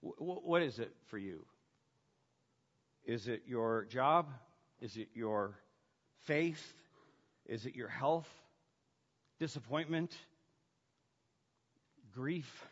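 A man preaching a sermon, shifting between hushed, intimate lines and loud, emphatic ones. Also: medium pitch. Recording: dull sound with long hall reverb.

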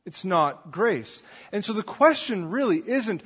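Speaking in a high, sing-song voice that's a bit bright and slightly rough, this pastor keeps a measured pace. His sermon feels like a conversation, with frequent "right?" checks to his listeners, captured in a dull recording with lengthy hall reverb.

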